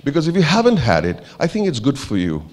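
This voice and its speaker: A man delivers a motivational keynote to a large auditorium. His pitch leaps and dips freely as he spins stories and teases the audience, and his voice rings out with a long hall reverb. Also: fast talker. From India. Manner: animated, playful storyteller who banters with the audience. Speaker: keynote speaker.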